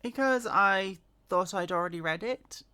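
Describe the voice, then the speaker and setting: Woman reading scripture aloud, slow, bright, casual asides and slips. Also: mid-range voice, clear, resonant tone. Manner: chatty asides, fillers and self-corrections. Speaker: reader.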